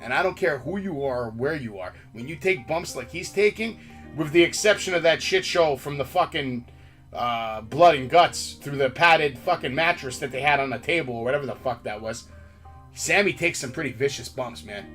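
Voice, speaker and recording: A man's voice: mid-range voice, expressive, moderate pace, a bit bright, soft background music. A man hosting a wrestling podcast, ranting in heated, profane casual chat. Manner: brash, heated, swears constantly. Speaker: podcast host.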